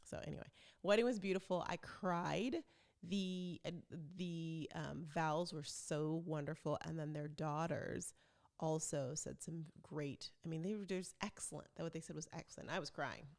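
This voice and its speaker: Low, gravelly-voiced chatty woman. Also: moderate pace, darkish tone. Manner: chatty, rambling, self-described talker. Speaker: vlog host. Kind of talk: casual chat.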